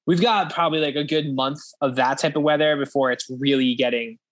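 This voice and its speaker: A man's voice: mid-range voice, a little fast. A young man hosting a podcast, chatting casually and rambling with frequent swearing and laughter. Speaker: podcast host. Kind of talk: casual chat.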